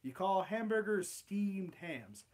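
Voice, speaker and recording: A man voicing a stern, suspicious male school superintendent from a cartoon, speaking in a dry, gruff, slow way. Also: high voice, animated, a little mellow.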